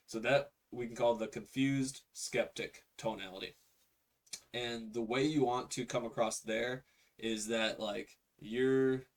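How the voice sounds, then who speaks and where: A man walks through a sales call script on screen, acting out each sample line in a casual, conversational way. His voice sits low with a gravelly edge, and the delivery stays fairly flat. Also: a little slow. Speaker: real estate sales coach. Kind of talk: instructional screen walkthrough.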